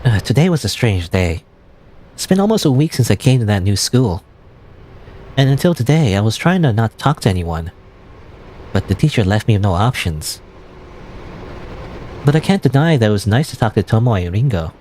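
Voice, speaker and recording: A man reading game dialogue as a shy, lonely teen schoolgirl, soft and musing. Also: fairly low pitch, big pitch swings, normal speed, long pauses, slight background noise. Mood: wistful. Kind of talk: game dialogue read aloud.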